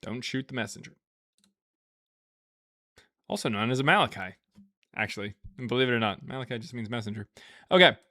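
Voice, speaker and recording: Bright, dry-voiced joking livestream host. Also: male voice, medium pitch, fairly quick, long pauses, no echo. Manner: joking, rambling storytelling with laughs; reads out viewer super chats. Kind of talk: casual livestream chat.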